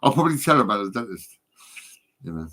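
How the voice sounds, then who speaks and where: A man's voice: lowish voice, big pitch swings, fast, pushed and bright. A man rambling in casual chat, swearing often, stammering and repeating his words as he tells stories. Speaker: storyteller talking to a friend.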